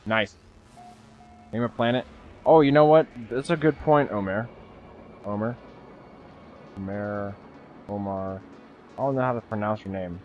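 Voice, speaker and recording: A medium-pitched young man streams a game at a normal speed, leaving long pauses as he rambles casually, swears freely, and chats with viewers. The audio is dull and lo-fi, with faint music in the background.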